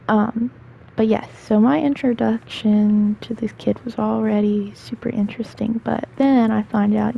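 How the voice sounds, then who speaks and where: A woman's voice: a little high, creaky, lo-fi sound, a little hiss or hum. A woman in her twenties, rambling through casual stories with lots of fillers while she plays a game. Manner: chatty, rambling with fillers and asides. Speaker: gaming storyteller. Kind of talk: casual storytelling while gaming.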